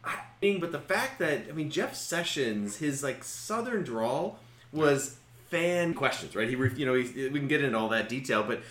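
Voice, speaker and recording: A man co-hosting a casual political chat podcast, talking in quick animated bursts and steering the discussion. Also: medium pitch. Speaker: podcast co-host leading the discussion. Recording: roomy echo.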